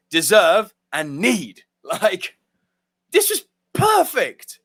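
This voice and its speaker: A man's voice: high-pitched, wildly swooping pitch, a little slow, a bit bright. A man co-hosting a casual movie podcast, enthusiastic and swearing freely. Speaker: podcast co-host.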